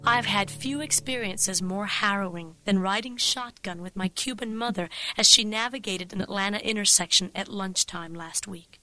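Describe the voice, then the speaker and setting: A woman narrating a comic personal story with a wry, vivid, expressive delivery on a close studio mic. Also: mid-range voice, moderate pace, hardly any pauses, faint music behind, low-quality recording.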